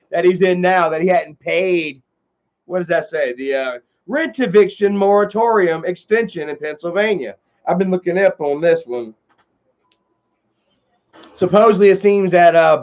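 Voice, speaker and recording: A man's voice: high voice, muffled recording. A man hosting a livestream, chatting casually and reading out viewer comments in a rambling way with many filler sounds. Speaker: livestream host.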